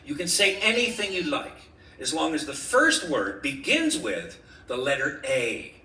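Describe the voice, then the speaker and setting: A man running a crowd-work improv game on stage, profane and shouting at times as he plays a shopkeeper. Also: on the high side, sing-song, measured pace. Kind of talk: live improv with audience volunteer. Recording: roomy live venue from far off.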